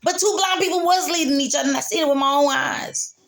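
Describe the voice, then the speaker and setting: A woman's voice: high-pitched, quick pace, vocal fry, fairly bright tone. Mother, candid faith monologue; emotional, repetitive, laughs through tears. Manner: spiritual, speaks of God and faith. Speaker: mother sharing her story.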